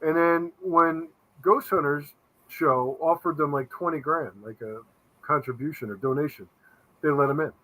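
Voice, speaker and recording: A man with a bright, forceful voice chats as a guest paranormal investigator. He tells blunt, skeptical stories. His pitch sits a little high. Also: normal speed, low-quality recording. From Connecticut, USA. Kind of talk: casual chat.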